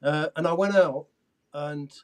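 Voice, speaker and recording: A man's voice: on the high side, unhurried. A man in his sixties telling stories as an interview guest, eager and tripping over his words with many restarts. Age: 60s. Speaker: guest, former footballer. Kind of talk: casual interview storytelling.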